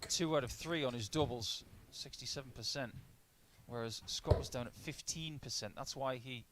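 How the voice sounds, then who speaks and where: Over a noisy, clicking line, a man with a medium-pitched voice calls a darts match live at a normal pace. His play-by-play is analytical and packed with stats as he breaks down averages, doubles and shot choices.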